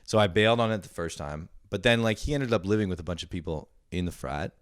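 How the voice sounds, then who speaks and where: A man's voice: sits low, fast, smooth, no echo, clean studio sound. A young man hosting a podcast, telling rambling stories full of swearing in casual chat. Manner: profane, rambling storyteller. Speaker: podcast host.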